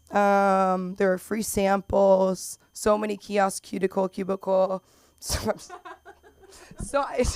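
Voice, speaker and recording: A young woman from Los Angeles with a Valley girl accent, doing open mic stand-up in a rambling, filler-heavy way that jumps into loud squeals. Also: medium pitch, smooth. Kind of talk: stand-up comedy. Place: comedy club.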